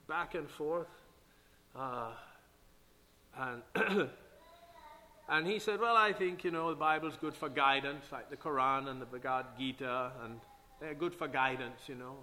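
Forceful preacher man in an echoing hall. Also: fairly high pitch. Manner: emphatic preaching with King James scripture reading. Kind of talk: sermon. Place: church sanctuary. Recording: long church hall reverb.

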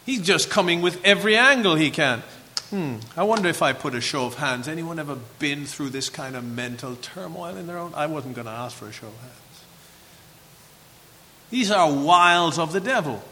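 A man preaching a sermon, animated and acting out the voices of the figures in his text. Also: on the high side, moderate pace, in a large hall, slight background noise.

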